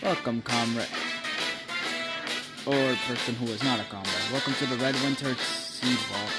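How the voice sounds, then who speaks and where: A man's voice: mid-range voice, normal speed, close to an everyday voice. A man voicing a glitchy robotic vault management system that makes formal, pompous announcements. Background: background music.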